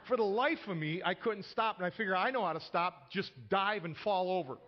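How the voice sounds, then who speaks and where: A man with a fairly high voice delivers a sermon in an easy, conversational way. He tells personal stories and often restarts sentences by repeating a word, and the recording sounds dull and lo-fi. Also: a little fast. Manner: conversational, repeats words when starting sentences. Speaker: pastor.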